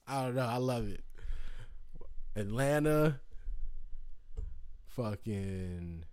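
A man from Indiana chatting casually to camera, rambling and swearing, with excited whoops and jumps into a high voice. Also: unhurried. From Indiana, United States. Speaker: vlogger. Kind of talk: casual chat.

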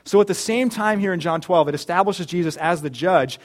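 Male pastor, earnest sermon delivery, slightly high-pitched voice, rhetorical asides. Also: brisk. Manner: earnest, with rhetorical questions and restarts.

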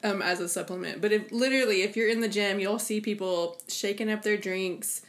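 Bubbly woman co-host, mid-pitched voice, giggly and keen. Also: fairly even intonation, a little fast. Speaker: podcast co-host. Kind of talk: casual chat.

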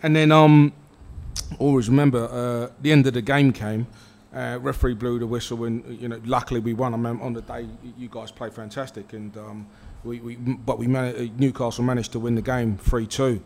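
A man's voice: medium pitch, little pitch movement, a little fast, darkish tone. A man, a former footballer telling a story on stage with many restarts and easy laughter. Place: live event with an audience.

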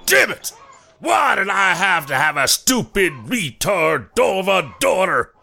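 A cruel shouting father. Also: on the high side, very animated, takes it slowly, gravelly, full character voice. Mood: enraged. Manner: harsh, yelling, contemptuous.

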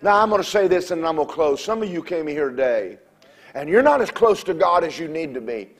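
A man preaches a fiery revival sermon in a drawl, his high voice swooping up and down as he tells stories and shouts. He laughs and calls on the crowd for amens. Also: expressive, a little fast.

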